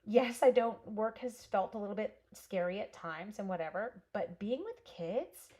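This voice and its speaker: A woman's voice: medium pitch, normal speed, mellow. Chatty woman in her forties crafting live. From Canada. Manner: chatty storyteller, answering viewers by name. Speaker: crafter and schoolteacher hosting a stamping stream. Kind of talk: casual live craft stream chat.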